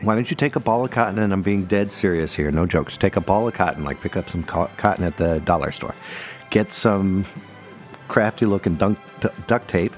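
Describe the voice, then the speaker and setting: A man's voice: deep voice, brisk, soft background music. A man co-hosting a casual comedy podcast, joking and acting out voices as he tells stories. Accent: New England. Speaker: podcast co-host.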